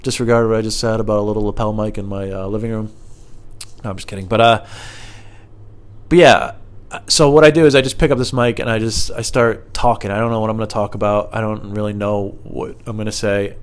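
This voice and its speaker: A man's voice: fairly low pitch, steady tone, brisk, clean tone. A man hosting a solo podcast, rambling and self-deprecating, full of fillers, speaking into a small lapel mic in his living room. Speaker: podcast host.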